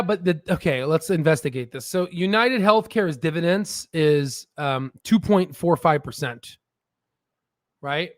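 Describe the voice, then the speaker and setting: A man in his thirties hosting a casual stock market livestream, excitable and profane, mocking others in shrill put-on voices. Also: no room sound, studio quality.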